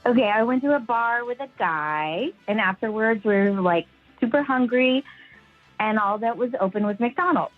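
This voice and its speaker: A woman's voice: on the high side, expressive, normal speed, soft background music. A woman calling into a radio show, casually telling a dating story. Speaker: caller. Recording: tinny phone line.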